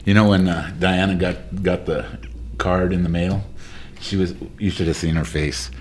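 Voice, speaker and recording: A man's voice: deep voice, steady tone, moderate pace, a little hiss or hum. A man on a casual workplace podcast telling a rambling, jokey anecdote. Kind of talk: casual chat.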